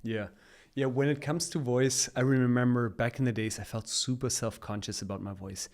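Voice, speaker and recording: A man's voice: mid-range voice, fairly even intonation, moderate pace, darkish tone. A man chatting as a guest on a casual podcast, upbeat and coaching in tone, laughing often as he talks.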